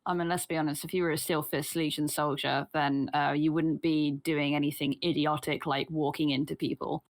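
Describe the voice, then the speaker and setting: A woman's voice: sits low, flat delivery, a little fast. A woman playing a tabletop game, asking questions with many fillers. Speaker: player. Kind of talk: casual chat.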